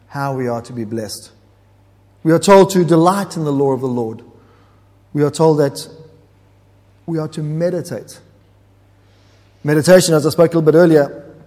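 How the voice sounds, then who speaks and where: Male preacher, earnest teaching sermon, slightly high voice, reverberant church hall. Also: warm tone. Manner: earnest, explanatory, with hesitant restarts.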